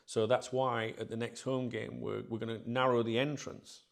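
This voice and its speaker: A man's voice: medium pitch, flat delivery, moderate pace, gravelly. Rambling man, casual interview. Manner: rambling, with tag questions and fillers. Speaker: football club staff member, interview guest.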